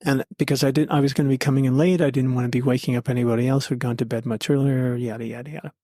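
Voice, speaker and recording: A man's voice: mid-range voice, fairly even intonation, very fast, warm tone, no room sound, studio quality. A man being interviewed as a podcast guest, telling his story in an earnest, heartfelt conversational way.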